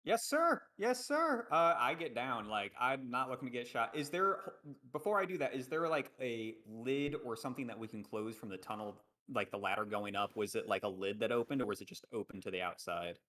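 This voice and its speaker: A man's voice: mid-range voice, fairly quick, hardly any pauses, pushed and bright. A man playing a tabletop game, casual and hesitant, with lots of fillers. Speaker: player.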